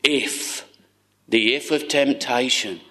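Speaking at an unhurried pace with long pauses, a male preacher gives an earnest, tender sermon. His voice sits at a middle pitch and frequently sinks into a soft hush.

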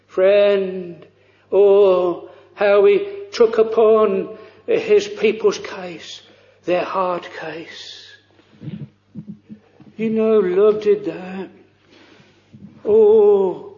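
A man preaching a sermon in earnest, halting speech, with many fillers and old-fashioned phrasing. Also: high-pitched, fairly even intonation, mellow, reverberant, dull audio.

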